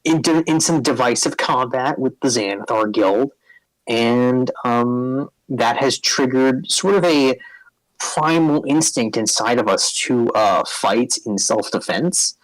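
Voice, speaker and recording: A man's voice: mid-range voice, takes it slowly, no echo, close to an everyday voice, poor audio. A man voicing a nervous, over-polite young nerd who rambles out apologies. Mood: apologetic.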